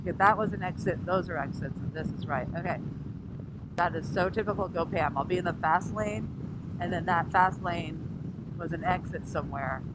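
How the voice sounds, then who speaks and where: A woman's voice: fairly low pitch, moderate pace. Woman motovlogger, rambling casual chatter, laughs a lot, recorded on the road with engine and wind noise. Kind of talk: casual chat while riding. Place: on a scooter on the road outdoors. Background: traffic and engine noise.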